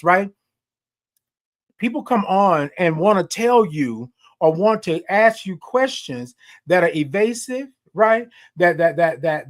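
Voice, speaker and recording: A man hosting a motivational morning talk, preaching in a rhythmic call-and-response way with repeated phrases. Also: high-pitched. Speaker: host.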